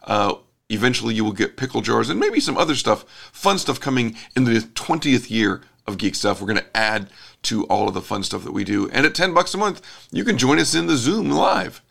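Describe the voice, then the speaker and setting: Gravelly-voiced man hosting a podcast. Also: mid-range voice, brisk. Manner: relaxed, rambling storyteller. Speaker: podcast host. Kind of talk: casual podcast banter.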